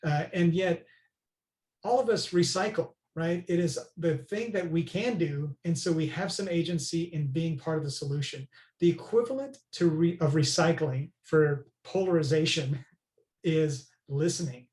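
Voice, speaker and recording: A man talks earnestly as a podcast guest, his voice sitting a little high for a man. He stresses his points and keeps checking in with his listener. The sound has a noticeable room echo. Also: moderate pace, a little mellow. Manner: earnest, emphatic, many "right?" tags. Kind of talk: conversational interview.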